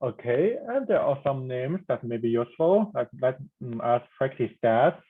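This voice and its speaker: A language instructor giving a recorded pronunciation lesson, sounding out each syllable slowly and repeating it, with reassuring asides to learners. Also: medium pitch, expressive, husky. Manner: slow, deliberate, spells out each syllable and repeats it; reassuring, informal teacher asides. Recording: tinny phone-like audio.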